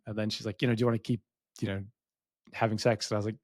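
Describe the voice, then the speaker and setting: Middle-aged podcast co-host, candid and self-deprecating storyteller, low voice, dry sound. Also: male voice, flat delivery, a little fast, pauses often, no room sound. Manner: rambling, self-deprecating, acts out quoted dialogue.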